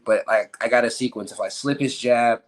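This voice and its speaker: A man's voice: medium pitch, brisk. A young man, a professional fighter, giving laid-back, joking interview answers full of fillers.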